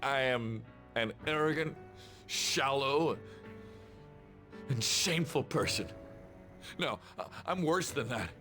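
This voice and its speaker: A man voicing a remorseful, disgraced male gym teacher who confesses slowly and at length in a game playthrough. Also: medium pitch, lively intonation, pushed and bright, soft background music, voice pushed up.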